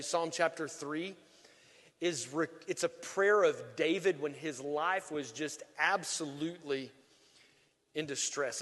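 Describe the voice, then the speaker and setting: A man with a somewhat high voice preaches a sermon in a church, lively and emphatic, dropping into joking asides. His words ring out with the long reverb of a large hall. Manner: animated, joking asides, emphatic swings in volume. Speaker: pastor.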